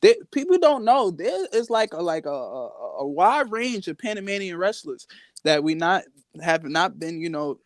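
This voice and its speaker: A young man chats as a podcast guest with boastful, playful swagger. His voice sits a little high and the sound is dry and close. He talks in loose, animated bursts. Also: moderate pace, no room sound. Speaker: guest wrestler. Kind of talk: casual live podcast interview.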